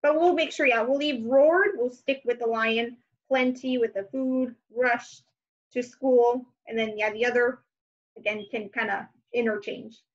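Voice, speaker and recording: A woman teacher with a somewhat high voice leads young children through their homework, musing aloud with soft hums and fillers. The sound is a little dull and lo-fi. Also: steady tone, unhurried.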